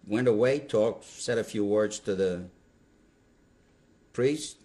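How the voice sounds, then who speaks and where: An older man telling his story in an interview, animated and halting, with restarts mid-sentence. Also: fairly low pitch. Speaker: Holocaust survivor giving testimony. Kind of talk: interview testimony.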